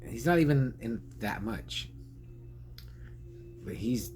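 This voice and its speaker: A man with a lowish voice talks through a film review in a loose, rambling way, laughing easily as he goes. A faint hum of noise sits behind him. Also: big pitch swings, slow, pauses often, a little mellow. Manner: rambling, chatty, laughs often. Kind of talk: casual spoken film review.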